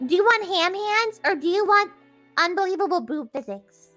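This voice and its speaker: A giggly woman hosts a game stream with a very high, bright voice. Her pitch bounces around as she chats and explains the story. Faint music plays underneath. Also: lively intonation, moderate pace. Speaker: streamer hosting a game voice-acting session. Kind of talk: casual chat.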